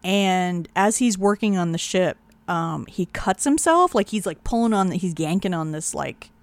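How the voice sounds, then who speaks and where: A woman co-hosting a casual podcast chat, animated, laughing often and swearing freely. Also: on the low side, moderate pace, dry recording. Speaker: podcast co-host.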